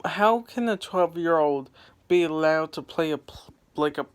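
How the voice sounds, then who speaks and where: A man's voice: on the high side, unhurried, clear, resonant tone, close to an everyday voice. A young man voicing a bossy middle-aged mother who fires off scolding questions in a raised voice, while retelling a gaming story.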